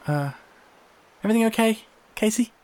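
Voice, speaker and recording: A woman's voice: a little high, animated, normal speed, a little mellow, voice pushed up, natural voice. A man voicing a cheerful, nosy female chip-shop owner, with a chirpy, enquiring manner. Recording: noisy background.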